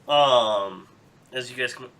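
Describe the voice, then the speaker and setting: A man running a tabletop game as game master, easygoing and quick to laugh. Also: mid-range voice, sharp tone.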